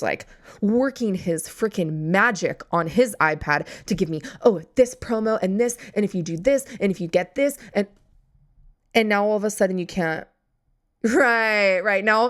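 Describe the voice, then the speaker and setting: This podcast host is a young woman with a medium-pitched voice. She recounts a story in relaxed chat, sounding exasperated and sarcastic, cursing liberally and performing both people's lines.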